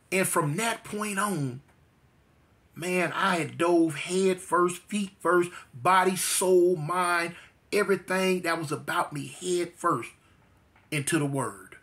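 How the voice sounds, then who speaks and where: Man, personal testimony, emphatic, repeats phrases, forceful tense tone, higher voice. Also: slow, vocal fry. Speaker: guest telling his life story.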